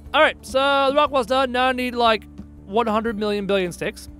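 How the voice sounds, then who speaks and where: Soft music plays behind a Canadian man whose very high, sharp voice holds a steady tone at a moderate pace. While gaming on a live stream, he talks casually and sarcastically, responding out loud to his chat.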